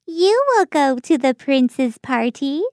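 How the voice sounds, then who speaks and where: A woman voicing a kind, gentle fairy godmother in a storybook reading, speaking softly and reassuringly. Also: high-pitched, animated, slow pace, dry recording, clean studio sound, voice pushed up. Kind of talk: storybook character voice.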